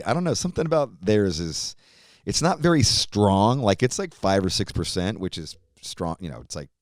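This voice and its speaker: A man with a low, resonant voice hosts a podcast in relaxed chat, rambling with cheerful profanity. The sound is dry and close, with no room around him. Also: no room sound. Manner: loose, profane, rambling enthusiasm. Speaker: podcast host.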